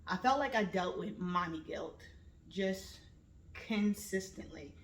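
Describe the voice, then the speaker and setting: A woman in her late thirties hosting a casual personal monologue, with lively storytelling that slips into voices when she quotes her family. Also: mid-range voice, takes it slowly. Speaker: vlog host. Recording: roomy echo.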